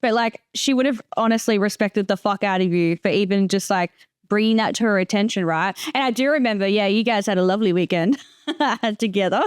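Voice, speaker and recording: A woman's voice: mid-range voice, fairly quick, smooth, dry recording, studio quality. A woman hosting a podcast, talking frankly and chattily, swearing casually. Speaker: podcast host.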